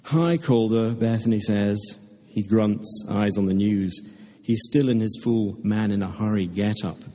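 Man reading fiction aloud, measured delivery, husky tone, long hall reverb. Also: on the low side, little pitch movement, mellow. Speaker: reader at a literary reading.

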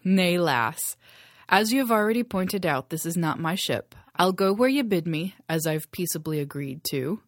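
A woman's voice: lowish voice, animated, moderate pace, no room sound, studio quality. A woman voicing a roguish Irish male sea captain who teases and taunts. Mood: teasing. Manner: teasing, taunting.

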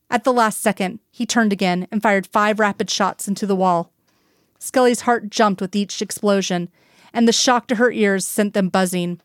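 A woman narrating a fan fiction story aloud in steady storytelling. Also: mid-range voice, smooth, no echo, clean studio sound. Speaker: reader.

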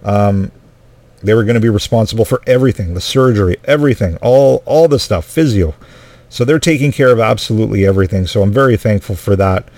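A man's voice: lowish voice, darkish tone, no room sound. A man telling a personal story in a rambling way, full of restarts and asides. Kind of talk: casual storytelling monologue.

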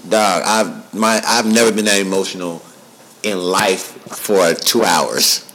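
A man's voice: low-pitched, takes it slowly, a bit bright, rough recording. A man in his thirties hosting a podcast, telling a story in a casual, slangy way and repeating himself for emphasis. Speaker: podcast host. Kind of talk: casual chat.

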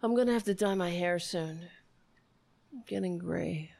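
Middle-aged woman, live-stream host, wry and rambling, lower voice, dry close sound. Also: gravelly, a little mellow, no echo. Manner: chatty, wry, rambling with quick asides. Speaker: livestream host reading chat. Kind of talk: casual live-stream chat.

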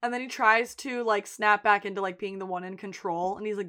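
A woman's voice: medium pitch, brisk, hardly any pauses. A woman co-hosting a podcast, recapping a TV episode in casual chat and acting out characters' lines. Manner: animated recapping, acting out quotes. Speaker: podcast co-host.

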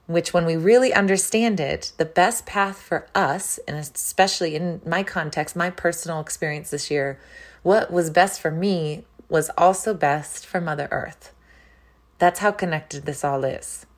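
Low-voiced earnest woman reflecting. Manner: earnest, heartfelt, with soft laughs. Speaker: wellness entrepreneur. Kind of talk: reflective personal monologue.

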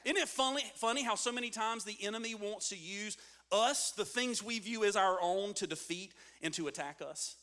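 A man's voice: high voice, moderate pace, fairly bright tone. A man preaching a sermon as a pastor, reading scripture and building in intensity with call-and-response.

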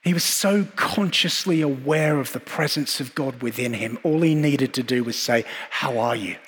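A man preaching a sermon in an earnest, reflective way, with measured pauses and repeated phrases. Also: medium pitch, a bit bright, husky. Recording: long hall reverb.

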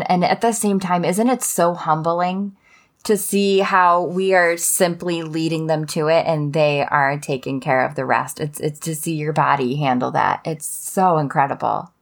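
A nasal-voiced woman hosting a podcast interview, bubbly and enthusiastic in casual chat. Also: fairly low pitch. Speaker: podcast host.

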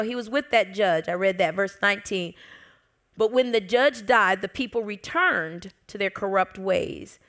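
Pastor woman preaching with gravelly edge. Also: medium pitch. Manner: expressive storytelling, acting out quotes, dropping to whispers. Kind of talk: sermon.

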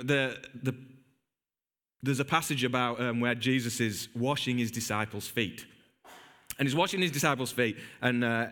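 A middle-aged man preaching a sermon in a church, telling Bible stories with animated voices for the characters. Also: mid-range voice. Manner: animated storytelling, acts out biblical characters.

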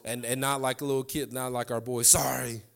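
A man's voice: mid-range voice, little pitch movement, quick pace, smooth. A man, preaching a sermon to a congregation and repeating key lines for emphasis. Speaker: pastor. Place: church sanctuary.

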